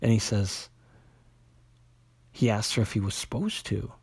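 A man casually recapping a comic book's plot, talking in a halting way with many fillers and restarts. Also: on the low side, darkish tone, breathy edge, no echo. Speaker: comic book reviewer.

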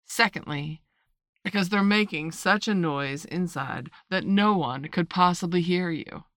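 A woman's voice: fairly low pitch, measured pace, a bit bright, no echo, studio quality. Woman reading as a drawling, indifferent footman. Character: aloof male frog footman, slow and unbothered.

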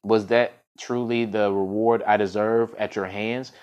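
Storybook ox, calm and loyal, low-pitched; a male reader plays it. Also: unhurried, highs cut off, natural voice. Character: gentle patient ox, wise and loyal.

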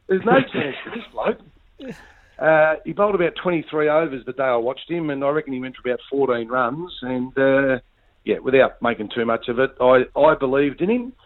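A man, a cricket coach and co-host, telling a teasing story on radio. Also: mid-range voice. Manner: teasing, anecdotal. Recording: tinny phone line.

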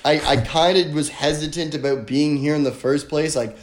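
A man's voice: on the high side, normal speed. A young man telling a story in casual podcast chat, rambling with lots of filler words and swearing. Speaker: guest. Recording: roomy echo.

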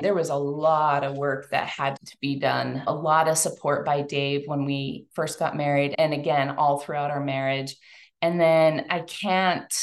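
Brief: adult woman, earnest heartfelt testimony to an audience, lower pitch, some vocal fry. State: tearful at times. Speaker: speaker giving a talk to women. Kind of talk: personal testimony talk.

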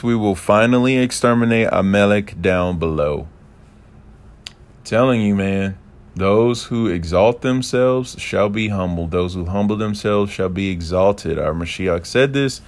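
Enthusiastic man teaching Torah. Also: fairly low pitch. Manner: enthusiastic, rambling, playful asides.

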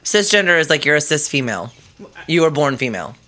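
Low-pitched woman hosting a chat, bright voice, giggles and teases a lot. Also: very animated, quick pace. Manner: laughs often, playful and teasing. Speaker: podcast host. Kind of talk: casual chat.

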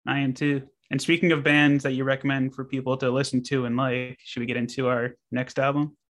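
A man co-hosting a music podcast in easygoing casual chat. His pitch stays level and flat. He often chimes in with short agreeing replies. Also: fairly quick. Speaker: podcast co-host.

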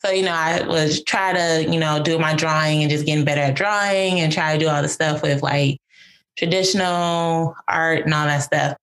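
A woman's voice: low-pitched, steady tone, moderate pace, fairly bright tone. A woman guest telling a personal answered-prayer story in a casual, emotional, rambling way, with a lot of "like". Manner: emotional, rambling, heavy use of "like".

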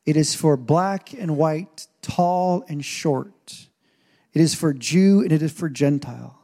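A man who is a pastor, preaching a sermon in an animated way with asides and rising intensity. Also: fairly high pitch, takes it slowly. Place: church stage.

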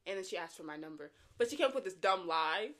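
Teen girl co-hosting a chill chat, bright voice, laughs a lot, tells stories. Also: fairly low pitch, animated, quick pace. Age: late teens. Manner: chatty storyteller, laughs often, acts out quotes. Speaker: co-host telling her dating story. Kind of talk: casual chat.

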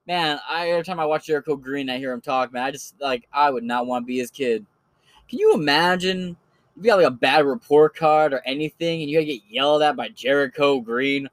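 In a casual solo commentary, a man recommends online creators while rambling, swearing, and staying relaxed. He speaks a little fast at a fairly high pitch, with no room sound in the recording.

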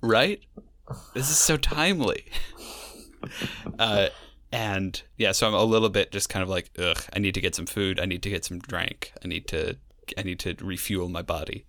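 A young man with a lowish voice, recorded close and dry, chatting on a podcast. He talks in a wry, sarcastic way and rambles easily through his stories. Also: normal speed, a bit bright, no echo. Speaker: podcast co-host. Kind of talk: casual chat.

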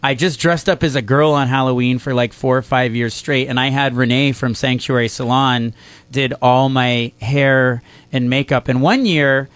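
A man's voice: medium pitch, fairly even intonation, moderate pace, fairly bright tone, no room sound. Chatty male co-host, dry close sound. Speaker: podcast co-host. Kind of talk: casual chat.

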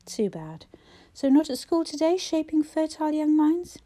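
A woman reading a brisk, sharp-tongued young woman who trades teasing banter, in an audiobook. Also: sits high, big pitch swings, pitched above the performer's own voice. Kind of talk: audiobook character voice.

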